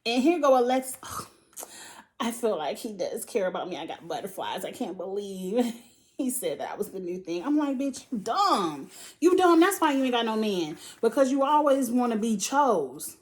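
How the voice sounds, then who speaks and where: A woman's voice: fairly high pitch, very animated, moderate pace. A young woman host casually recapping a reality TV episode, blunt and profane, acting out mock quotes with lots of laughter.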